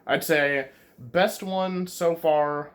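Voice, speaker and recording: A man's voice: a little high, fairly even intonation, drawn-out words, a bit bright, clear, resonant tone. A man talking casually into the camera as a YouTube reviewer, rambling with lots of fillers and restarts as he corrects himself. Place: his bedroom.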